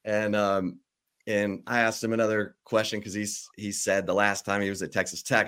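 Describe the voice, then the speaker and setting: Low-voiced storytelling radio host. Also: male voice, moderate pace, smooth. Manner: animated storyteller, acts out quotes. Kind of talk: casual chat.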